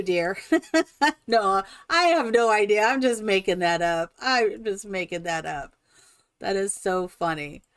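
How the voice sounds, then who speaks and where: A woman hosting a live stream, chatting excitedly and rambling while she builds in a game. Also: mid-range voice, no echo. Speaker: streamer host.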